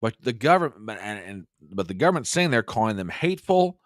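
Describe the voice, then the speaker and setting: Indignant low-voiced American man commenting. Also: big pitch swings, a little fast, dry recording, clean studio sound. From United States. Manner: indignant, reads news aloud and mocks quotes. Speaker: host. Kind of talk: political commentary live stream.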